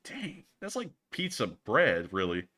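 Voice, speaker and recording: A young man hosting a casual livestream news show, jokey and high-pitched, talking in a playful, teasing way with quick asides. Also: huge pitch swings, sharp tone.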